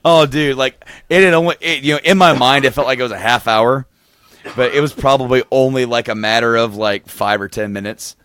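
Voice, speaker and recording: A man's voice: medium pitch, fairly quick, clear, resonant tone. Man rambling through a funny story. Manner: rambling storyteller, laughs often, gets excited. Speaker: podcast co-host. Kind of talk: casual chat, telling a story.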